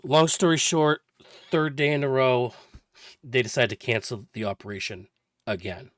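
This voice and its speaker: A man's voice: medium pitch, steady tone, moderate pace, no echo, clean studio sound. A man in his forties casually recounting a personal story for a vlog, chatty and rambling with lots of detail. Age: 40s. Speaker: vlogger.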